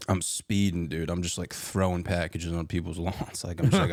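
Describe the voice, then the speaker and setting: Laid-back podcast man with a very low voice, dry close sound, easygoing with lots of "dude.". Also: little pitch movement, moderate pace, no room sound. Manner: laid-back, says 'dude' a lot. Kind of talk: casual chat.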